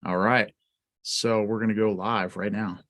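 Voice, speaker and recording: A man's voice: fairly low pitch, fairly even intonation, a little slow, fairly bright tone. Talkative man on a video call. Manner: talkative, lots of "like", motivational. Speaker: co-host of live Q&A. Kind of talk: casual live-stream chat.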